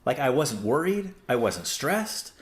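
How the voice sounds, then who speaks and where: A man's voice: mid-range voice, very animated, measured pace. A middle-aged man hosting a podcast, chatting casually with lots of fillers and restarts, acting out what people said. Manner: rambling, many fillers and restarts, acts out quotes. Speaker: podcast host. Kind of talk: casual conversation.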